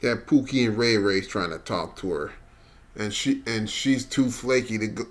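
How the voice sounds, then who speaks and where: A man's voice: lowish voice, moderate pace. Man tossing in teasing side remarks. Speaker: podcast host. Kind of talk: casual podcast commentary.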